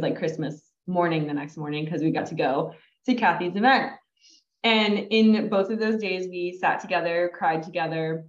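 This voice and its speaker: A woman hosts a podcast in easy, chatty conversation. Her voice sits a little low but jumps high whenever she quotes herself. The sound is echoey and dull, with a muffled lo-fi quality. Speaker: podcast host. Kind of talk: casual conversation.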